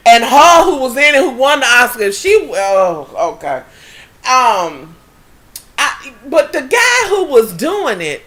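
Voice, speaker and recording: A woman's voice: fairly high pitch, sing-song, slow, fairly bright tone. A woman vlogging casually to her viewers, chatty and rambling, often trailing off and calling them y'all. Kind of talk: casual chat to camera.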